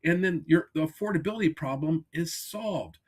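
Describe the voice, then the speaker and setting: A man hosting a casual podcast over a remote call, talking in an energetic coaching tone with many restarts. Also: on the high side, moderate pace. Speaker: podcast host. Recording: glitchy remote call audio.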